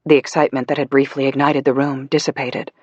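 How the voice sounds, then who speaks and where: A woman reading a novel aloud as an audiobook narrator, in a measured, even storytelling manner. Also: a bass voice, breathy edge, no room sound, dull audio.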